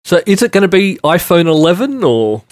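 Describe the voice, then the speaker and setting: Man, podcast co-host, hesitant, thinks out loud, slightly higher voice. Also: big pitch swings, a little fast. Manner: hesitant, thinks aloud with fillers. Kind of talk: casual chat.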